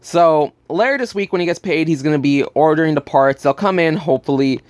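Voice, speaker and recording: A man's voice: a little high, a little fast, darkish tone, dry recording. A young man telling a blunt, profane story about work in a casual vlog. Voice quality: burping, just ate. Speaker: gaming channel host.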